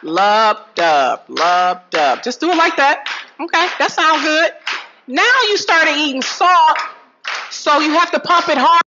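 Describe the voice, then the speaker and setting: A woman giving a lively health talk to an audience, swinging from low asides to loud calls. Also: unhurried, background noise. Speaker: health speaker addressing an audience. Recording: dull lo-fi sound.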